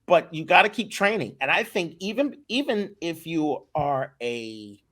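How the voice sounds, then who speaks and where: A man talking as a guest in a casual podcast interview, animated and emphatic, often repeating his words. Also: a little high, measured pace. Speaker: voice acting director, guest.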